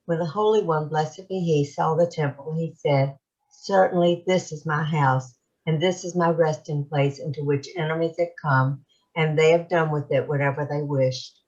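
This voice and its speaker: A woman in a class reads a scripture text aloud in a measured, careful way. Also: low voice, steady tone, a little mellow, muffled recording. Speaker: class participant reading aloud.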